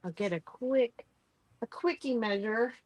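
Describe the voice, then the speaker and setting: A woman's voice: fairly high pitch, measured pace, darkish tone, no room sound. A woman hosting a live online sale, chatting casually about vintage items and laughing often between filler words.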